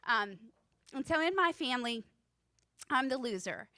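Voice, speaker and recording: A woman's voice: high voice, animated, normal speed, pushed and bright, no room sound. A woman in her forties doing a stand-up comedy set on a club stage, nervous and self-deprecating, laughing at her own jokes. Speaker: student stand-up comic.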